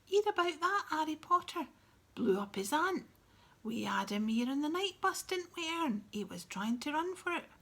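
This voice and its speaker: A woman reading an audiobook voices an excitable, gossipy young male bus conductor, pitched above her own voice. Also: moderate pace, heavily acted. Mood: excited gossip. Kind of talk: audiobook character voice.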